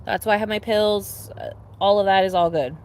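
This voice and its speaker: A woman's voice: mid-range voice, moderate pace. Rambling, swearing young woman streamer. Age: young adult. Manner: rambling, swears often, many fillers and restarts; animated, laughing and excitable. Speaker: livestreamer. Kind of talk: casual chat to a live audience.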